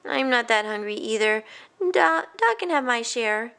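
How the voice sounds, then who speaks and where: A woman's voice: on the high side, lively intonation, a little slow, vocal fry, fairly bright tone, clear, resonant tone, voice pushed up, full character voice. A woman voicing a tired middle brother in a storybook. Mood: generous.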